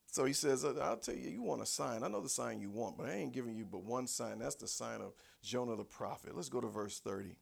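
A man preaching a sermon in a folksy, conversational way, swinging between low asides and shouted cries. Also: fairly quick, vocal fry, hardly any pauses, slightly rough. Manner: folksy, conversational, acts out voices. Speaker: pastor.

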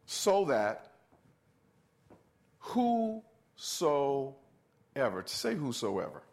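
A man preaching a sermon in church, with a somewhat high voice for a man. He talks emphatically, drawing answers from the congregation and hammering his point home through repetition. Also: lively intonation, a little slow. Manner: emphatic, asks the congregation to answer and repeats key phrases.

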